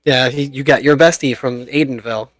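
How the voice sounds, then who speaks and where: A man's voice: medium pitch, steady tone, a little fast, fairly bright tone. A man narrating as game master of a tabletop game, chatty and laughing often at his own jokes.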